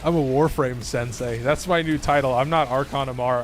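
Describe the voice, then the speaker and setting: A man's voice: mid-range voice, fairly even intonation, moderate pace, few pauses, noisy background. A man live-streaming a video game, chatting casually with viewers, joking and laughing often. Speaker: gaming streamer.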